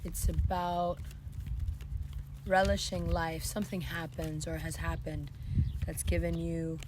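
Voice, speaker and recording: Hoarse woman reading tarot outdoors, flat delivery, light noise behind. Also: fairly low pitch, takes it slowly. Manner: casual, reassuring, repeats phrases. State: hoarse, lost voice. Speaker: tarot reader. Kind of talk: monthly astrology tarot reading. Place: outdoors in a breezy spot.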